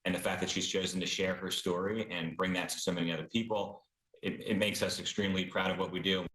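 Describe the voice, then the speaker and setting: A man, a chief medical officer, answering interview questions in a measured, earnest way. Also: deep voice, level tone, fairly bright tone. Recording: echoey room.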